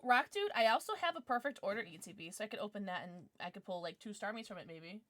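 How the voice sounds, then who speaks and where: An excitable woman streamer chatting with her viewers as she opens trading cards. Her voice is bright and sits fairly high, with a lively pitch that swoops up when something catches her attention. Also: fast, few pauses. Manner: excitable, gasping and squealing at pulls. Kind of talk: livestream chat while opening trading cards.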